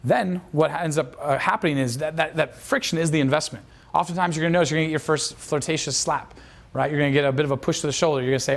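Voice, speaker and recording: Fast-talking man teaching. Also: on the high side, gravelly. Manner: fast, rambling with restarts, acts out quoted lines. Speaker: dating coach. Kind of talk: instructional talk.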